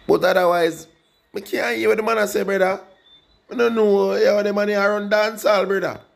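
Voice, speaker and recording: This music reaction vlogger's voice sits high, with vocal fry and a normal speed. A young Jamaican man, he chats loosely in patois while reviewing a track, animated and addressing the people watching.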